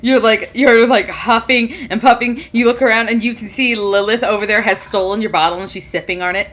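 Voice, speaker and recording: A woman's voice: a little high, steady tone, brisk, a bit bright. A woman narrating as game master of a tabletop game, giggly and rambling with many fillers.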